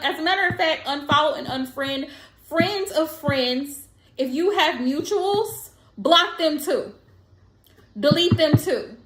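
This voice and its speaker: A high-pitched woman gives blunt, emphatic advice in a casual monologue, repeating her lines to drive them home. Her voice rings in an echoey room. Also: a bit bright. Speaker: tarot reader.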